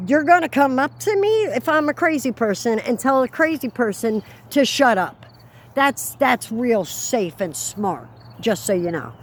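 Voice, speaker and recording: A woman telling a storytime rant as a vlogger, exasperated, dropping into low asides and then rising into raised outbursts. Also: lively intonation, measured pace.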